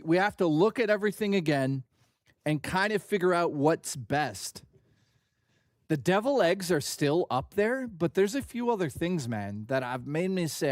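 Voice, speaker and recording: A male gaming streamer whose slightly high voice swings widely in pitch as he banters and jokes with chat. The sound is dry and close, with no room around it. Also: no room sound. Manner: animated, profane, joking with chat. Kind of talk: casual live-stream chat.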